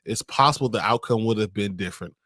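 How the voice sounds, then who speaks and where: A man's voice: lowish voice, fast, fairly bright tone, dry recording, studio quality. A man co-hosting a livestream show in casual chat, laid-back and teasing.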